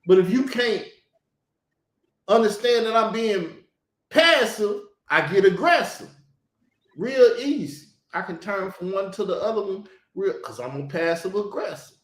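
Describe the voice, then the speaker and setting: A man's voice: sits high, expressive, measured pace, roomy sound. A man talking bluntly and heatedly in a casual chat, swearing often and stressing his words. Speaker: show host.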